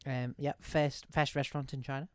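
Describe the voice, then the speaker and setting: A man's voice: medium pitch, level tone, brisk, clear, resonant tone, no room sound. A man co-hosting a podcast, joking and asking quiz questions. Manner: jokey, fond of silly impressions. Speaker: podcast co-host and quizmaster. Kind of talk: casual chat.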